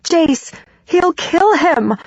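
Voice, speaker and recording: A woman's voice: very high-pitched, expressive, extremely slow, darkish tone, no room sound, voice pushed up, exaggerated voice. A woman voicing a panicked young woman who screams and sobs breathlessly in terror. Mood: panicked screaming. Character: panicked young woman fleeing her attacker. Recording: dull, dry audiobook recording.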